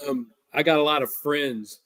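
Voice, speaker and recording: A man's voice: fairly high pitch, steady tone, moderate pace, a bit bright, no echo. A man in his fifties, a podcast guest, answering in a joking, rambling way and telling stories. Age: 50s. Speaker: guest hunter. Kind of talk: casual interview chat.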